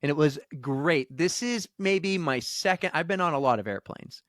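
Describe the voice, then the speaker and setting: A podcast co-host with a fairly high-pitched voice tells a long story at a moderate pace during a casual chat. He's animated and acts out the voices of the people he quotes. The studio sound is clean, with no room sound.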